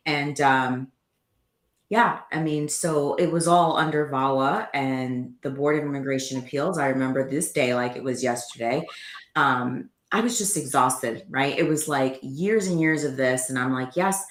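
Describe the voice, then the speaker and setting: A woman with a notably low voice tells her story in an earnest, animated way, slipping into quoted dialogue as she goes. The sound is roomy and echoey around her. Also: a little slow. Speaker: guest. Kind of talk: personal storytelling in conversation.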